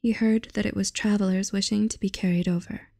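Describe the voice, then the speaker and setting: A young woman hosting her channel, reading a fairy tale aloud in a soft, unhurried voice that often drops to a half-whisper. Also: mid-range voice, steady tone, gravelly, no echo, clean studio sound.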